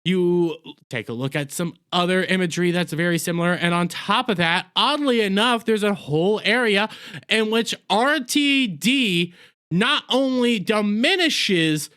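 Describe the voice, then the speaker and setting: Guy ranting bout a tv show, kinda high clear voice, crude n sarcastic, rambles. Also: a little slow, sharp tone. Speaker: video reviewer. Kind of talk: ranting TV review.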